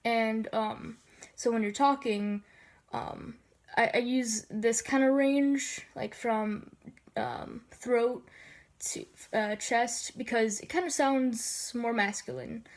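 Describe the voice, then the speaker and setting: Sniffly woman with a light gravel in her lower register, hesitant, um-filled casual tutor, voice sits a bit high. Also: fairly even intonation, slow. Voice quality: slightly gravelly low register. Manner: hesitant, many filler ums. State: sniffly from allergies.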